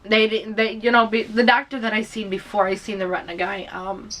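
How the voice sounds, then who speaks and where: A woman's voice: mid-range voice, level tone, a little fast, fairly bright tone. Rambling woman vlogger, distant from mic. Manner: rambling, full of "you know" and restarts; emotional, holding back tears. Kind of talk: casual personal storytelling.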